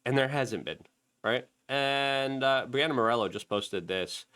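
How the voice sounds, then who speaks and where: A man hosting a sarcastic political commentary, his voice at an ordinary middle pitch. He mocks the people he discusses and jumps into shrill impressions of them. His delivery is loose, with laughs and stumbles. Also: unhurried, pushed and bright, clean tone. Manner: sarcastic, mocking, mimics others in high squeaky voices. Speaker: host.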